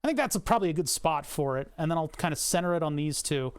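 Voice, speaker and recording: A man's voice: fairly high pitch, lively intonation, fast talker, smooth. Rambling, joking male streamer. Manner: rambling, joking asides to chat, self-mocking. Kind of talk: casual livestream chat while designing.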